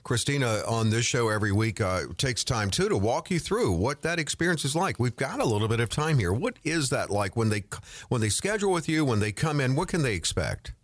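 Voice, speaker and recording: Male radio host, animated lively pitch, promotional, dry close studio sound. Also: a little fast, no echo. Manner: lively, promotional, reads phone numbers. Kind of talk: radio talk show hosting.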